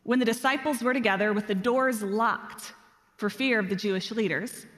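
A woman's voice: on the high side, moderate pace. Woman preacher in a reverberant hall. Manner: self-deprecating storytelling, animated. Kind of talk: sermon.

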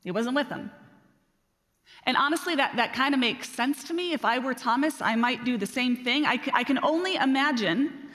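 Woman preacher giving a sermon, kinda high voice, animated and self-deprecating, long echo like a big hall. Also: normal speed. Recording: reverberant hall.

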